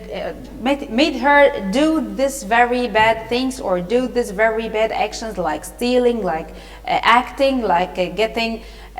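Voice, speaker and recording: A woman's voice: mid-range voice, in a large hall, poor audio. A woman teacher with an Egyptian accent reading a storybook to pupils and patiently explaining new words, with hesitations. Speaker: English teacher.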